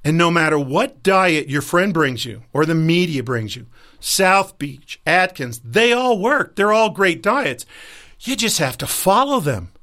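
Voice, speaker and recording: Higher-pitched man giving an emphatic motivational talk. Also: a bit bright. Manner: emphatic, acts out quoted voices. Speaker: life coach.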